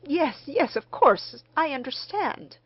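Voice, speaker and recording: Woman reading a mild, formal gentleman. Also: medium pitch, sing-song, normal speed, dry recording, highs cut off, pitched above the performer's own voice. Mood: courteous. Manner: courteous, formal, conciliating. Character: mild, polite middle-aged gentleman stranger.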